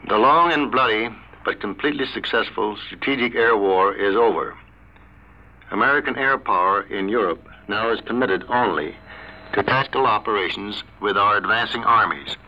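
A male air force commander reading a formal, prepared statement over the radio, deliberate and stiff. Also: lowish voice, a little hiss or hum. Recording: muffled lo-fi 1940s radio relay.

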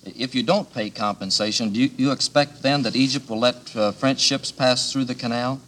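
A man's voice: mid-range voice, steady tone, moderate pace, fairly bright tone, a little hiss or hum. A man, a news reporter on a press panel, asking direct and pressing follow-up questions.

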